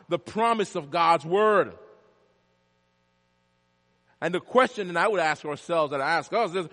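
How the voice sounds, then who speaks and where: A man preaching a sermon as pastor, swinging from loud, emphatic declarations to quiet asides and prompting the congregation to answer back. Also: sits high. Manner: call-and-response prompts to the congregation. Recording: long reverb of a large hall.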